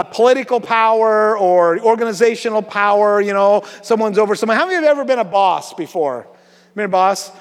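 A man delivers a sermon in a casual, conversational way. He teases the congregation and peppers his talk with ums and uhs. His voice carries a long reverb from the church hall. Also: high voice. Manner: conversational, joking with the congregation, many fillers. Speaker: pastor. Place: church sanctuary.

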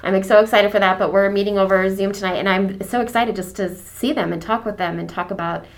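A woman who leads a church's deacons, talking in a casual podcast conversation. She is effusive and warm-hearted about her subject, with many fillers and restarts. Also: medium pitch, steady tone, quick pace. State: getting emotional.

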